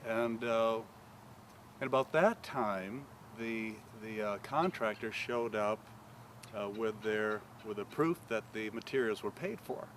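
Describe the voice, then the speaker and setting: A pastor telling a story outdoors, acting out the voices of the people in it. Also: male voice, fairly low pitch, slow pace, slight background noise. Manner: animated storyteller acting out quoted dialogue. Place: outdoors on a paved property.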